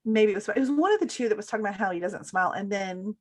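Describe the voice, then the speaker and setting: A woman's voice: medium pitch, very fast. A woman co-hosting a casual podcast chat, rambling with lots of filler words. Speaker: podcast co-host.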